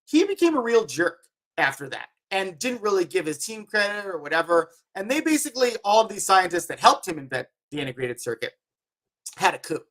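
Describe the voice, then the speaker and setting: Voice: medium pitch, big pitch swings, brisk, a bit bright. Rambling host full of filler words. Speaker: company CEO hosting a weekly market show. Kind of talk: casual market talk.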